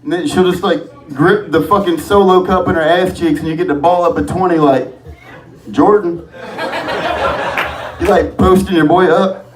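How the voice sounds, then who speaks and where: A man's voice: high-pitched, steady tone, fairly quick. A man doing a profane, rambling open-mic stand-up set on a comedy club stage. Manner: profane, rambling, loose delivery. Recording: echoey club from far off, crowd laughter.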